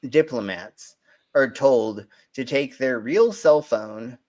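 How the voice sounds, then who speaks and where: A man's voice: mid-range voice, slow pace, a little mellow. Rambling male stream host. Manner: rambling, joking, restarts often. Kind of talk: casual crude news chat.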